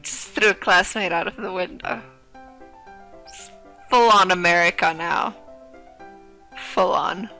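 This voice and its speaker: Young female let's-player, bright and playful, reads game text with jokey asides. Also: fairly low pitch, takes it slowly, creaky, long pauses, faint music behind, rough recording. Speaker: let's play streamer. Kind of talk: reading a visual novel aloud with jokes.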